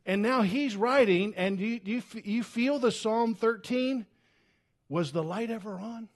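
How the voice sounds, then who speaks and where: In a church, a male pastor with a fairly high-pitched voice delivers a sermon at a measured pace. He speaks earnestly and conversationally, often restarting sentences, and his delivery moves from loud, urgent pleading to hushed, heavy tones.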